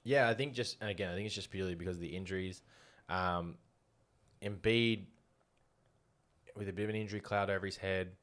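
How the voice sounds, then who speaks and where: A very deep-voiced Australian man in a relaxed sports chat. He talks with easy confidence and makes bold calls. His voice sits low and steady throughout. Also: a little fast, pauses often. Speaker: podcast co-host.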